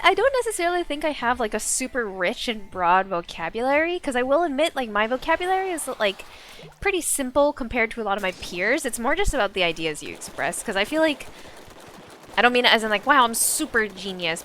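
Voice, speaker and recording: A woman streamer chatting casually and excitably while she plays, swearing now and then. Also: mid-range voice, slight background noise. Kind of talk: casual live gaming chat.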